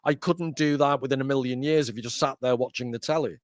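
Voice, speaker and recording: A man's voice: mid-range voice, steady tone, fast, no echo, studio quality. A man hosting a podcast, chatting casually in a wry, joking, rambling way. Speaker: podcast host. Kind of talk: casual conversation.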